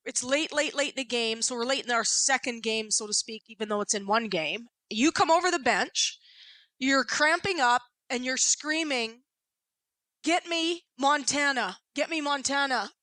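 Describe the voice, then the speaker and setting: A woman hosting a podcast interview, retelling a bench story as an animated storyteller. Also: on the high side, moderate pace, no room sound. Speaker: podcast host and coach. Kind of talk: conversational interview.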